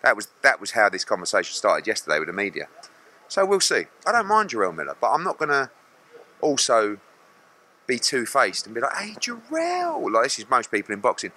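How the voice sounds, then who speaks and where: A man's voice: on the low side, very animated, a little fast, pushed and bright. A middle-aged man, a boxing promoter answering press questions bluntly and acting out other people's lines.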